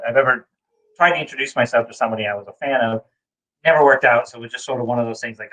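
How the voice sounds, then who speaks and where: A man from New England tells stories in a casual chat, wandering through fillers and asides before getting to the point. His voice sits at an everyday middle pitch. He slips into high, excited voices whenever he acts out what someone said. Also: poor audio. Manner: rambling storyteller, acts out quotes in a high voice. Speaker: co-host. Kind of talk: casual chat, anecdote telling.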